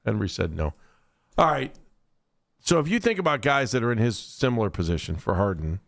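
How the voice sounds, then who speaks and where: A man's voice: fairly low pitch, very animated, a little fast, vocal fry. A man co-hosting a sports radio show, chatting casually in a joking, playful way and taking calls. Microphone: studio microphone.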